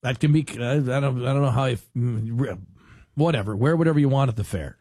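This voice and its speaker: A man's voice: mid-range voice, fast, slightly rough, no room sound, clean studio sound. A man hosting a talk show, chatting casually and rambling a bit as he tells stories and acts out what people say. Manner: animated storyteller who acts out quotes; rambling with restarts.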